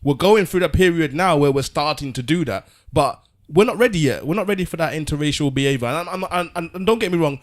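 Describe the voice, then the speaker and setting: A man's voice: a little high, lively intonation, quick pace, few pauses. A man, a podcast co-host making an earnest argument in casual discussion. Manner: earnest, argumentative, restarts words.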